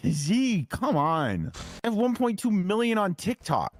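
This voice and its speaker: A man chatting casually during a game, joking, animated and swearing. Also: sits high, a little slow, slight background noise.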